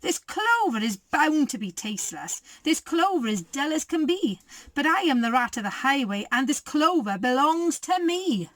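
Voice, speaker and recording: A woman voicing a greedy, swaggering male highway robber rat in a storybook, chanting his boasts. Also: big pitch swings, normal speed, a bit bright, no room sound. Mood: boastful. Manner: boastful, bossy, sing-song chant.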